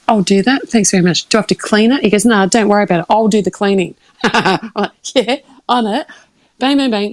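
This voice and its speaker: An Australian woman tells a long story on her live stream, rambling, full of restarts and bursts of laughter. Her voice sits at an ordinary pitch and comes through close and dry, with no room sound. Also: no room sound, rough recording. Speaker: livestream host. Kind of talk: casual storytelling.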